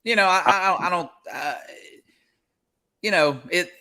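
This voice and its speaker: Louisiana guy rambling in a casual chat, bright voice, keeps restarting. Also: high voice. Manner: rambling, halting with many restarts. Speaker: host.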